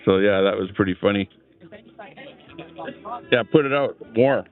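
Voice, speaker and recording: A low-voiced man rambling through a casual live stream outdoors, greeting his chat between remarks. The sound is tinny and phone-like. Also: measured pace, soft background music. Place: outdoor rally, sitting in a lawn chair. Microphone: small clip-on microphone.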